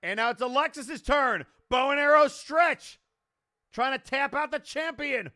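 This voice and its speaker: A man doing play-by-play wrestling commentary, getting worked up and yelling at the referee. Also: very high voice, a little slow. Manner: excitable, yelling at big moments, complains at the referee.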